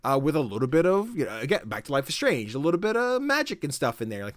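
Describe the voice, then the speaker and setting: A man's voice: medium pitch, fairly quick, hardly any pauses, no room sound, clean studio sound. A man co-hosting a podcast, telling game stories in casual chat, acting out quotes and swearing freely. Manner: animated storytelling, acts out quotes, swears casually. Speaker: podcast co-host.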